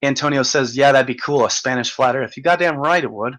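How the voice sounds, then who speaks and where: A man's voice: medium pitch, fairly quick, fairly bright tone, low-quality recording. A man hosting a casual livestream, rambling and joking, swearing often and laughing as he reads out chat comments.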